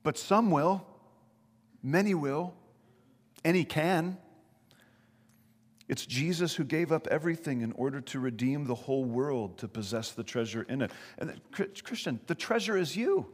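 A man's voice: a little high, expressive, moderate pace. Earnest male pastor in reverberant hall. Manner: earnest storytelling with emphatic rises. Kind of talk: sermon.

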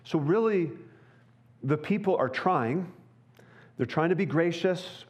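A man's voice: a little high, animated, measured pace, long pauses. Earnest man preaching a sermon. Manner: earnest, conversational preaching with rhetorical questions. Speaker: pastor. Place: church.

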